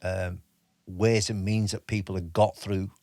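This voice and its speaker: Man in his fifties, low voice, halting stop-start storytelling, dry close mic. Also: flat delivery, a little mellow, dry recording. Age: 50s. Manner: halting, with many restarts and fillers. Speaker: podcast guest, army veteran. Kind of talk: casual interview storytelling.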